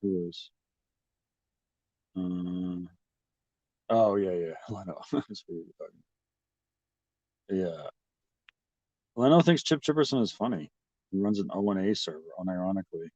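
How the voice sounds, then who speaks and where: A man's voice: low-pitched, expressive, unhurried, long pauses, darkish tone, dry recording. A man talking casually to his livestream chat, rambling and mocking with lots of swearing. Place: at a restaurant. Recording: dry, slightly dull audio.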